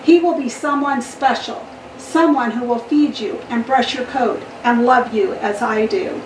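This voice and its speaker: A woman's voice: on the high side, a little slow, noisy background, lightly acted. Storybook boy, earnest and pleading, read by a woman; roomy, distant hall sound. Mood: tender. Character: gentle young shepherd boy, earnest.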